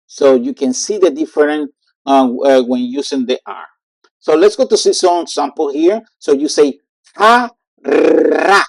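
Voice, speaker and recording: Slow, halting teacher. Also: mid-range voice, creaky, dry recording. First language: Spanish. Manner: halting, with many fillers, repeats words slowly for drilling. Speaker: Spanish teacher. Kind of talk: online language lesson.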